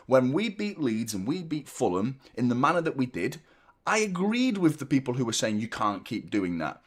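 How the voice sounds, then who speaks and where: A man's voice: lowish voice, sing-song, a little fast. A man casually chatting as host of a live football fan stream, self-mocking and reading out viewer messages. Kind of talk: casual live watchalong chat.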